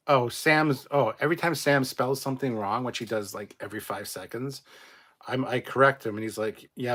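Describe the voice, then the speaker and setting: A man's voice: fairly low pitch, fairly bright tone. A man from Canada reading out viewer comments in a casual live chat, blunt and rambling, swearing freely.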